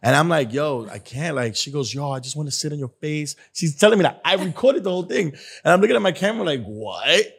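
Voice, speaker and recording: A man's voice: fairly high pitch, fast, gravelly, hardly any pauses, husky. Guy on a podcast rambling thru a story, acting out what people said. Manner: rambling, animated, acts out quotes. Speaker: guest, skit creator. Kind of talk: casual storytelling.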